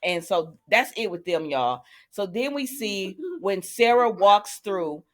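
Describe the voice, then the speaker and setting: A woman's voice: mid-range voice, animated, slow. A woman hosting a casual soap opera recap, chatting to her viewers and retelling each scene through quoted lines.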